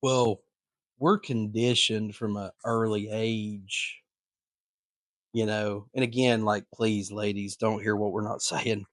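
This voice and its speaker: A man's voice: lowish voice, level tone, takes it slowly, no echo, clean studio sound. A man co-hosting a podcast, talking in a casual, earnest way with lots of fillers and restarts. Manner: rambling, filler-heavy, earnest. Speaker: podcast co-host.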